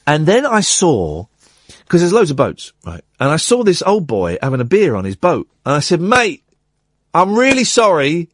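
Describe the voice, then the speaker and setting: A middle-aged man hosting a radio show, telling an anecdote with lively acted-out quotes. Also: a little high, normal speed, husky, dry recording. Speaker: radio host.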